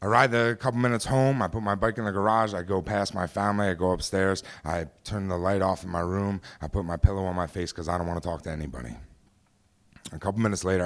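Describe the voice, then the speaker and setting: A man telling a personal story on a small theater stage, conversational and halting, with many fillers and restarts. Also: low-pitched.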